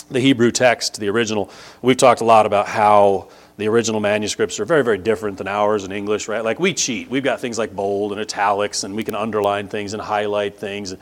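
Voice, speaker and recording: A man's voice: on the low side, steady tone, fairly quick. A man teaching a casual Bible lesson from a map. He talks in a conversational way, often checks in with "right?" and leans on key words for emphasis.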